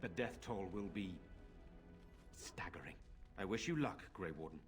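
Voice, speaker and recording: A grim herald from a video game who delivers dire news with solemn weight. His voice is very deep, and faint music plays behind him. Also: lively intonation, unhurried. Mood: grave. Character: grave male herald warning of war. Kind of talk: video game character dialogue.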